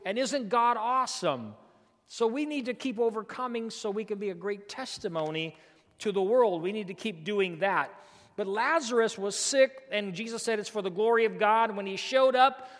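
Guy preaching in a church, high voice, echoey hall, folksy and pushy. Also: expressive, moderate pace. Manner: folksy, emphatic preaching with repetitions. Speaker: pastor. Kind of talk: sermon.

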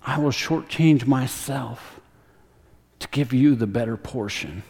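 A man preaching a sermon as a pastor, telling a story earnestly and dropping to a softer, slower voice for emphasis. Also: mid-range voice, creaky, long reverb tail.

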